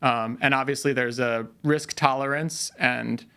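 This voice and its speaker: A man with a gravelly, bright voice talks through technical ideas in a relaxed interview. He explains carefully, working through examples and pausing on fillers as he goes. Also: mid-range voice. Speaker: head of product, podcast guest. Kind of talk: conversational tech interview.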